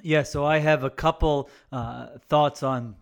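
A man's voice: fairly high pitch, steady tone, a little slow, gravelly. A man co-hosting a sports podcast, joking wryly and poking fun at himself. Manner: wry, self-deprecating. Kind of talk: casual sports podcast chat.

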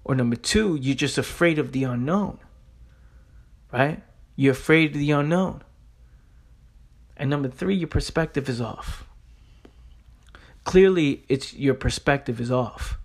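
A man's voice: mid-range voice, a little slow, pauses often. A man hosting a motivational podcast monologue. He talks bluntly, swears, repeats points for emphasis and keeps checking in with "right?". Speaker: podcast host.

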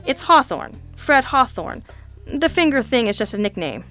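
A woman voicing a nervous, whiny little man who is a small-time informant in a storybook reading, raising her voice high for him. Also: sing-song, moderate pace, sharp tone, faint music behind. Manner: whining, flustered, eager to please.

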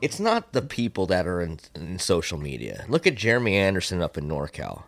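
Profane, animated middle-aged fishing man. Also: low-pitched, fairly quick, vocal fry. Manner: profane, storytelling, animated when reenacting. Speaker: podcast guest, swimbait angler. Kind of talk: casual podcast chat.

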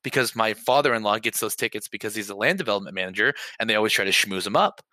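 A man tells stories on a podcast in loose, profanity-laced chat and gets loud when he plays out scenes. His voice is bright and forceful. The sound is dry and close. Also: lowish voice, fast, no room sound. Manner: profane, animated, shouts when reenacting. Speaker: podcast co-host. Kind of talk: casual storytelling chat.

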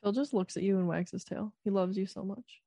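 A woman's voice: mid-range voice, a little fast, dark tone, dry recording, studio quality. A woman co-hosting a podcast, chatting casually and making wry jokes. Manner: wry, joking. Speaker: podcast co-host.

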